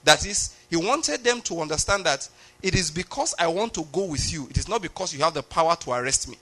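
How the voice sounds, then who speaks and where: Bright high-voiced male preacher. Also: expressive, a little fast. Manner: explanatory, keeps asking if listeners follow. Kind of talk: sermon.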